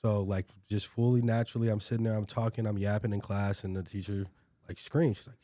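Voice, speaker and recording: A man's voice: lowish voice, steady tone, fast, dark tone, dry recording. A young man, a podcast guest, telling stories in laid-back slang with a lot of "like". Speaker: guest, dancer and new comic. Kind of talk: casual chat, storytelling.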